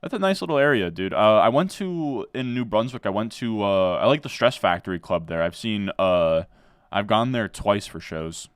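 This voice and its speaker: Deep-voiced laid-back guy. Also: expressive, moderate pace, clean tone, dry recording, clean studio sound. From New Jersey. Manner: laid-back, says "dude" a lot, answers chat as he goes. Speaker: fantasy football streamer. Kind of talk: casual live-stream chat while drafting.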